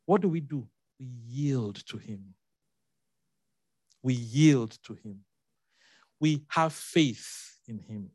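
A man's voice: medium pitch, expressive, slow, pauses often, darkish tone, slightly rough, no echo. A man preaching a sermon, emphatic, repeating key phrases and making asides to the congregation.

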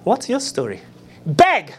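A preacher delivering a sermon, pleading and acting out prayers, swinging from loud cries to hushed murmurs. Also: wildly swooping pitch, takes it slowly, breathy edge. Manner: acts out begging prayers in a low, soft voice.

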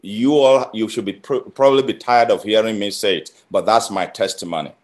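A man's voice: fairly low pitch, brisk. Emphatic preacher, man. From Nigeria. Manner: emphatic, with rising and falling intensity and repeated phrases. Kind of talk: sermon.

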